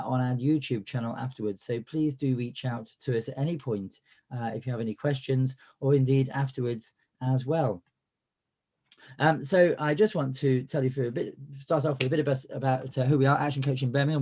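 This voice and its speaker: A man's voice: mid-range voice, dark tone. A man with a cold and a cough, hosting a business coaching webinar in a chatty style full of fillers and restarts. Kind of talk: live webinar presentation.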